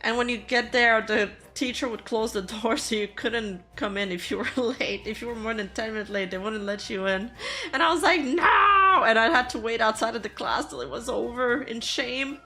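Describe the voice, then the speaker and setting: A woman's voice: on the high side, steady tone, moderate pace, few pauses, sharp tone. A woman from Canada, chatting casually and animatedly on her reaction stream and laughing easily.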